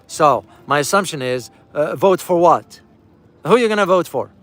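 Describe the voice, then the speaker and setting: Emphatic high-voiced man vlogging on the move. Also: lively intonation, moderate pace, fairly bright tone. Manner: emphatic, repeats key phrases for stress; speaks directly to viewers as "guys". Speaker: travel vlogger and commentator. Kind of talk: casual live-streamed travel commentary.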